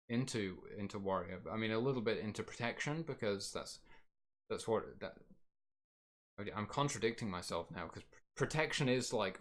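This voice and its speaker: A man streaming and chatting casually about his game plans, rambling and correcting himself as he goes, his voice getting a little worn. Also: lowish voice.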